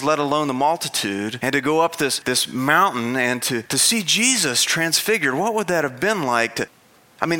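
A man's voice: fairly high pitch, sharp tone. A man preaching as a pastor, in an earnest, conversational sermon style with frequent restarts.

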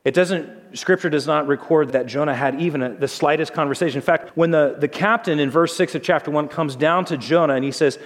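A man's voice: fairly high pitch, a little fast, few pauses. A male pastor preaches a sermon in a conversational, storytelling manner. He lets his voice drop for dramatic moments, and a long reverb trails each line, as in a large hall.

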